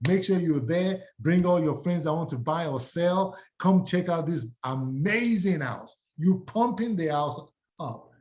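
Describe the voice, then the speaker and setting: A man teaching real estate agents, energetic and acting out sample door-knock pitches. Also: a little slow. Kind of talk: live training talk to agents.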